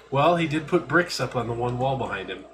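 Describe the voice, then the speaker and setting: A man's voice: medium pitch, expressive, moderate pace, a bit bright, slight background noise. A man co-hosting a casual sports podcast, teasing the host and chiming in with jokes and stats.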